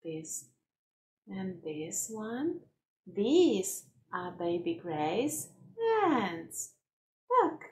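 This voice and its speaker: A woman teaching toddlers in a slow, exaggerated sing-song manner, repeating words. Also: medium pitch, big pitch swings, dark tone. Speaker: children's teacher. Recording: roomy echo.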